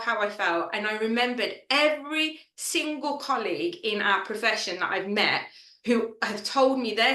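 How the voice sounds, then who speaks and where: A woman's voice: on the high side, pushed and bright, echoey room. A woman founder telling a personal story in a casual fireside chat, chatty and emotional, with lots of fillers. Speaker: founder of an assistant network, fireside chat guest.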